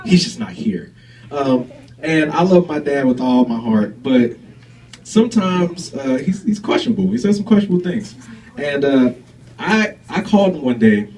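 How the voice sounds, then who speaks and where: A man performing stand-up, spinning stories with an animated, swooping delivery. He chuckles at his own punchlines as he goes. The sound is picked up from a distance on a stage mic. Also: on the high side, moderate pace. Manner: animated storytelling, laughs at own jokes. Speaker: stand-up comedian. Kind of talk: stand-up comedy set. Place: comedy stage before a live audience.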